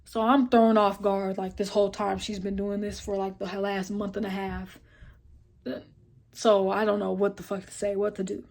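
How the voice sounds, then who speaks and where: A young woman talks straight to camera in a casual vlog. Her voice sits at an ordinary middle pitch. She tells her story bluntly and with plenty of swearing, and she acts out each line of dialogue with lively energy. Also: normal speed. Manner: blunt, profane and animated; retells scenes with quoted dialogue and filler like "boom, boom, boom". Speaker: vlogger.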